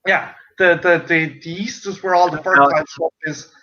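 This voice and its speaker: An Irish man with a high, bright voice swears his way through lively stories in casual chat. The audio is dull and lo-fi. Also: moderate pace, a little hiss or hum. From Ireland. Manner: profane, animated storytelling. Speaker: co-host.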